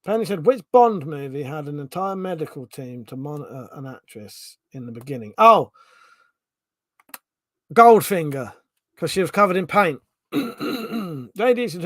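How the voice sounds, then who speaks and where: A man's voice: a little high, very animated, a little slow, dry recording. Sweary Home Counties man live-streaming. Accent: Home Counties English. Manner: swears freely, reads out chat questions, thinks aloud. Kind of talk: casual live-stream chat.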